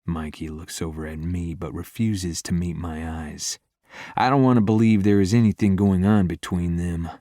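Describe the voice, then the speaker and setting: A man narrating a first-person romance audiobook in a low, intimate delivery. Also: dark tone, no echo, clean studio sound.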